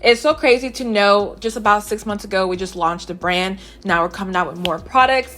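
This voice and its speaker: A young woman hosting her beauty channel, chatting excitedly and a little out of breath as she shows new products. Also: medium pitch, a little fast, few pauses. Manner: excited, chatty, addresses viewers directly. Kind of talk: casual product vlog.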